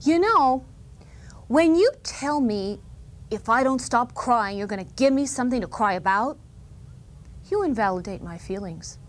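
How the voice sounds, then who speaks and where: A woman's voice: on the high side, animated, normal speed, lightly acted. A woman playing an earnest, precocious little girl who lectures her parents in a solemn, mock-formal comic monologue. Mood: pleading. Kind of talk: comedic monologue.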